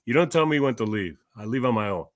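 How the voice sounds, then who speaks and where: A man's voice: medium pitch, animated, fast, dry recording. Stern, lecturing middle-aged man. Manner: stern, lecturing, repeats "okay?". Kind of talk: heated casual chat.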